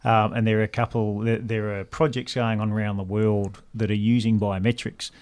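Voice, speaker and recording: A man's voice: lowish voice, flat delivery, normal speed, darkish tone. A man explaining speech technology in casual panel chat, enthusiastic and full of fillers. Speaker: guest, speech technology specialist.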